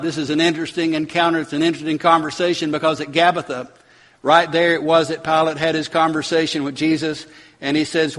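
A man preaching a sermon, building to dramatic emphatic bursts and slowing on key words. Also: fairly high pitch, fairly bright tone. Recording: long hall reverb.

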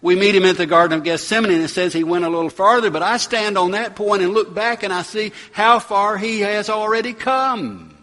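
Emphatic preacher in a reverberant hall. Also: male voice, high-pitched, a little fast, hardly any pauses, a bit bright. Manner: dramatic, emphatic preaching with rising bursts. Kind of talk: sermon.

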